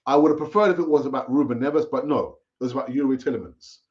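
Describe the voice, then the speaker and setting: A man's voice: medium pitch, fast, a little mellow. Chatty man on a dull live stream. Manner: chatty, repeats himself, pleads with viewers. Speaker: fan channel host. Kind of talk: live-stream football chat.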